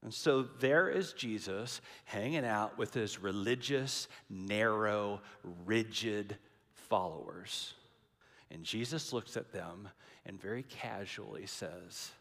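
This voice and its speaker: A man's voice: lowish voice, unhurried, gravelly, fairly bright tone. A man preaching a sermon in a dramatic, emphatic way, repeating key lines for weight. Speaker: pastor. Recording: long hall reverb.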